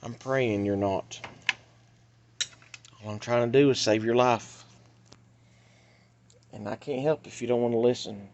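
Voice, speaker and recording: A man delivering an urgent, pleading monologue that swings between loud outbursts and hushed warnings. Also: mid-range voice, steady tone, a little slow, pauses often, dull audio, slight background noise. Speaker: vlogger. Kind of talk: impassioned monologue.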